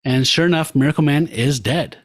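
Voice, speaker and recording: Speaking a little high and a little fast, this man co-hosts a podcast. It's a casual comic recap chat: he retells a funny story, voicing its characters' lines between laughs.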